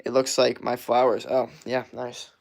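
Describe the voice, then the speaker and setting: A man's voice: medium pitch, level tone, normal speed, creaky, darkish tone. A man of twenty-one from Florida, hosting a casual livestream and answering chat questions in a laid-back, slangy way. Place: outdoors at night.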